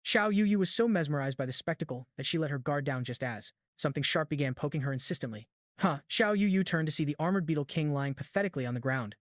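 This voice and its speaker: Fast, slightly high male story narrator. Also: no echo, clean studio sound. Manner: reads all the dialogue in one even narrating voice. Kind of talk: scripted narration.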